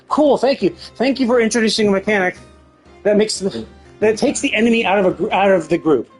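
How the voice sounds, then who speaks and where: A woman's voice: mid-range voice, animated, quick pace, darkish tone, husky, faint music behind. A woman streamer giving live gameplay commentary, swearing often as she rants about the game in exasperation. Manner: profane, exasperated ranting.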